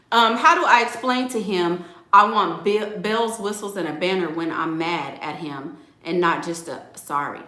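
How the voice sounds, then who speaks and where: A woman's voice: medium pitch, pushed and bright, echoey room. A woman dating coach on a livestream, giving blunt, sassy and playful advice and reading out viewer comments.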